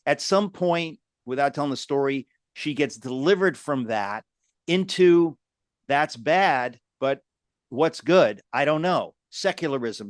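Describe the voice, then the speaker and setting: Male host, mid-pitched voice, exclamatory, talks straight to viewers, dry sound. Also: no echo. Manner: exclamatory, addresses viewers directly. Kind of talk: conversational interview.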